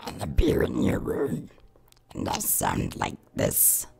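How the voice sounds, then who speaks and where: A woman putting on an extremely deep, gravelly, husky voice for a spooky figure, talking slowly and drawn out. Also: wildly swooping pitch, warm tone, heavily acted. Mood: eerie. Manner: slow, drawn-out, swooping delivery.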